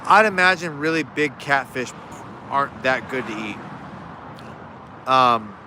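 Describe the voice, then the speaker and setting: Man, bright voice, casual live Q&A, rambling with restarts, outdoors, faint traffic behind. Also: medium pitch. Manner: rambling, frequent restarts, answers chat. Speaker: fishing livestream host. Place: outdoors in his yard.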